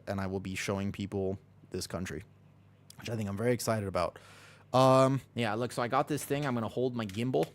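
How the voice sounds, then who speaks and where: A man's voice: medium pitch, a little hiss or hum. A man streaming casually from home, rambling and joking about himself while reading his chat. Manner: rambling, self-deprecating, reads chat aloud. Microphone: desk microphone.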